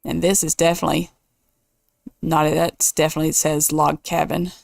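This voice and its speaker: A woman's voice: low-pitched, flat delivery, brisk, creaky, no room sound, clean studio sound. A woman hosting a casual let's play, thinking aloud and weighing choices as she builds. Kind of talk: casual gameplay commentary.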